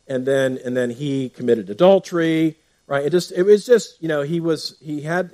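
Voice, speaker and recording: A man's voice: medium pitch, a little mellow. Man teaching casually with many fillers. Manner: conversational, often adds "right?", many fillers and restarts. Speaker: pastor. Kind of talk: informal Bible teaching.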